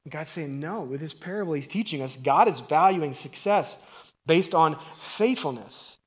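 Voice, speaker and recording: A middle-aged man delivers a lively, conversational sermon. His voice sits a little high for a man. He punches key words loudly, then drops to near-whispered asides. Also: normal speed. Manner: energetic and conversational, swinging from loud emphasis to quiet asides. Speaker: preacher.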